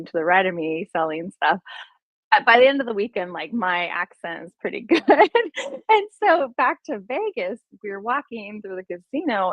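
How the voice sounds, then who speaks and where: A woman DJ telling stories in a casual interview, laughing often and animated as she retells anecdotes. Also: mid-range voice, no echo, lo-fi sound. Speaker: DJ and guest.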